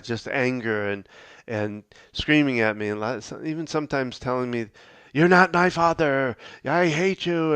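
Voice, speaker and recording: Earnest middle-aged man, smooth dry voice. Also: mid-range voice, fairly bright tone, dry recording. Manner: halting, with frequent restarts and fillers; earnest, advice-giving. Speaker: podcast host. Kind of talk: reflective podcast talk.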